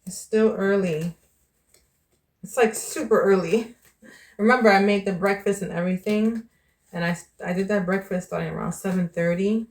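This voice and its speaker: A woman's voice: medium pitch, moderate pace, a little mellow. A woman from New York, a vlogger and tarot reader, chatting casually to the camera in a candid way and calling the viewer "child" and "baby".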